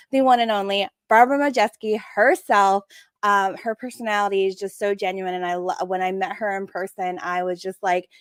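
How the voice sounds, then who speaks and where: A woman co-hosting a live stream bubbles over with excitement as she talks. Her voice is mid-pitched and plain. The sound is dry and close, with no room echo. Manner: enthusiastic, gushing. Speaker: co-host. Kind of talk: casual live-stream chat.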